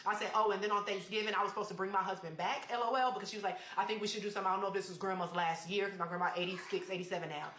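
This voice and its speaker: A woman telling a personal story in casual chat, animated and reading out text messages. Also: mid-range voice, rapid-fire, few pauses, reverberant.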